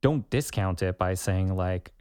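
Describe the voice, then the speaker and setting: A man's voice: low voice, unhurried, a little mellow, smooth, dry recording, studio quality. A man co-hosting a podcast, talking casually and playfully with homely analogies. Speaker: podcast co-host.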